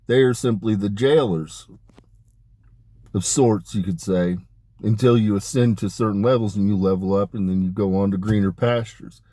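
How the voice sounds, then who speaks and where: A man talking in a rambling, emphatic monologue about spiritual matters, dropping his voice low on asides. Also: normal speed, warm tone, no echo. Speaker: spiritual channeler. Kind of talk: casual spoken monologue.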